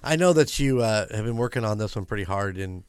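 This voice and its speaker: A man co-hosting a podcast in casual chat, rambling through restarts and jokes. His voice sits low, and the recording is dry and close. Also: animated, fast talker, a little mellow, clear, resonant tone, dry recording. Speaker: podcast co-host.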